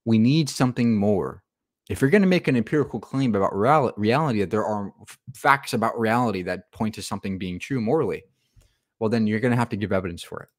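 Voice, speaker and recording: A man's voice: on the low side, fast talker, dry recording, studio quality. A man hosting a reaction video, arguing his point with rhetorical questions and sarcasm. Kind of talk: casual argumentative commentary.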